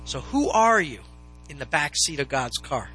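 A man preaching a sermon to his congregation, animated and swinging into loud, dramatized questions. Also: fairly high pitch, moderate pace, slight background noise, rough recording. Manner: animated, rising to near-shouts in dramatized questions. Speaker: pastor. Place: church sanctuary with congregation.

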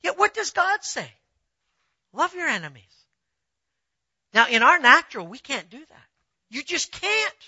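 A pastor preaching a sermon in a conversational way, telling personal stories and often asking the listeners if they follow, swinging between quiet asides and emphatic points. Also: sits high, sing-song, measured pace, long pauses, no echo, lo-fi sound. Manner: conversational preaching, asks the audience "you see what I'm saying".

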